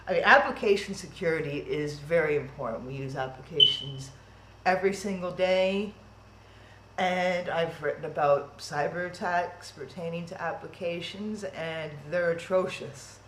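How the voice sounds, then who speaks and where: A woman's voice: fairly low pitch, echoey room, a little hiss or hum, poor audio. A woman hosting a live-streamed event from home, rambling in a chatty, self-deprecating way. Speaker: event host. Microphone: webcam stream.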